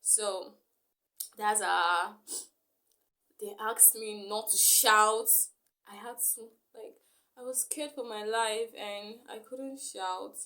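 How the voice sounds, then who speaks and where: A woman's voice: mid-range voice, fairly even intonation, slow, sharp tone. Young woman telling a storytime vlog. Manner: rambling retelling full of "like" fillers. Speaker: vlogger.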